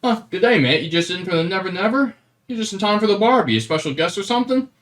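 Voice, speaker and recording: A man's voice: high-pitched, animated, quick pace, a bit bright, pitched above the performer's own voice. A man voicing a dwarf who greets people in hearty Australian slang, in a tabletop game. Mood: jovial.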